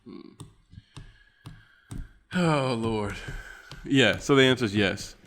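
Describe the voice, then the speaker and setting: A man's voice: mid-range voice, slow, a bit bright, big-room sound. A man with an Appalachian accent, co-hosting a podcast in a rambling, laughing casual chat. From West Virginia. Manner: laughing, rambling, filler-heavy. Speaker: podcast co-host.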